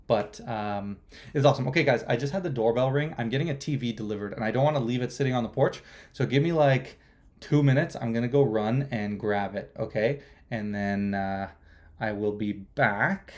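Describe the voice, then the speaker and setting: Chatty young man hosting a livestream. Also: medium pitch. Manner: rambling, chatty, many fillers and restarts. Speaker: magic livestream host. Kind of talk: casual live-stream chat.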